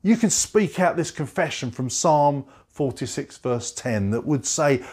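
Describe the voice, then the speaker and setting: A male pastor preaching a sermon, emphatic, repeating key phrases and slowing down low for scripture quotes. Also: lively intonation, darkish tone, breathy edge.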